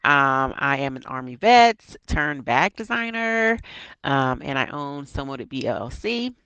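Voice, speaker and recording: A woman from Washington, D.C., a bag designer talking casually as an interview guest, relaxed with many ums. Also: a bass voice, measured pace, clear, resonant tone, no echo, low-quality recording.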